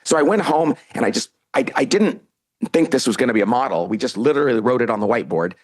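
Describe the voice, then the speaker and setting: A man's voice: medium pitch, animated, fast talker. A middle-aged man, a guest on a podcast, telling a story in a casual interview and acting out the lines he quotes. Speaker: podcast guest, author and CEO.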